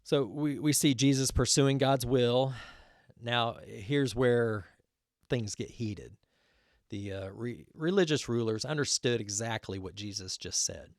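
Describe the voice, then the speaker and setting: A man's voice: mid-range voice, no echo, studio quality. A man giving an earnest Bible teaching talk, explaining verses with frequent fillers.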